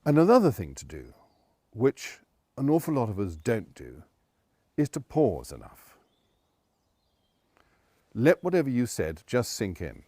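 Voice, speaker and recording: A man's voice: medium pitch, unhurried, long pauses, breathy edge, dry recording. A man, a presentation coach giving conversational advice straight to camera. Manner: conversational, animated, with quoted asides.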